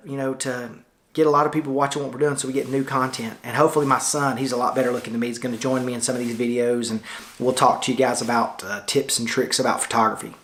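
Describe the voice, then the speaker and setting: Recorded indoors in his studio lounge with a camera-mounted shotgun mic, a middle-aged Tennessee man with a Southern accent talks through his photography studio. His voice is mid-range and fairly bright, and his vlog chat is folksy, loose and rambling, with many fillers.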